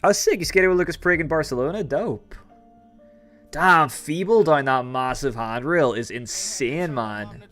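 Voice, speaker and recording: A man's voice: fairly high pitch, measured pace, a bit bright, soft background music. A young Irish man hosting a live stream, chatting casually and rambling as he answers viewers' comments. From Ireland. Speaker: livestream host.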